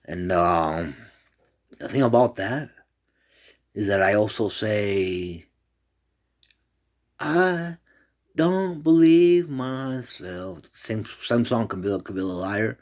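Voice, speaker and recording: A man's voice: low-pitched, unhurried. Rambling, profane man talking to camera.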